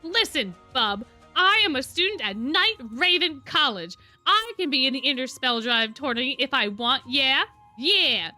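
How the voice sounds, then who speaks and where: A woman voicing a brash, boastful little male monster who shouts and whines in tantrums. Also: fairly even intonation, takes it slowly, few pauses, faint music behind, exaggerated voice. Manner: shrill, whiny tantrum shouting.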